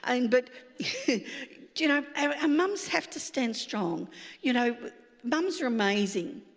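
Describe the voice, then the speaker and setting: A woman, a pastor telling a lively personal story in a sermon, acting out the dialogue. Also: sits high, slow pace, long reverb tail. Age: 60s.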